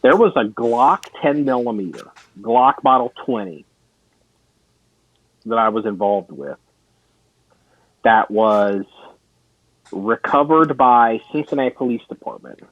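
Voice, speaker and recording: A man's voice: medium pitch, animated, takes it slowly, long pauses, dry recording, muffled recording. A man co-hosting a podcast, telling long rambling stories in casual chat with many restarts and some swearing. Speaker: podcast co-host.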